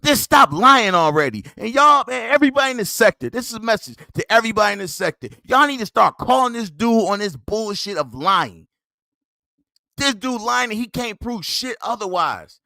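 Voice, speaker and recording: High, lively, mocking podcast host man. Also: normal speed, vocal fry, dry recording. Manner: mocking, scolding, laughs at the other man. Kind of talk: heated commentary on a played clip.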